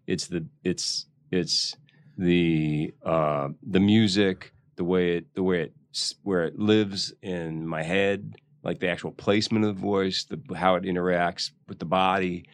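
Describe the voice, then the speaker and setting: A man in his sixties from Philadelphia, chatting as a guest in an interview. His voice is very deep, and he talks thoughtfully, often restarting as he searches for words. The recording is dry and close. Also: dry recording. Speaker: guest actor. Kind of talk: casual interview chat.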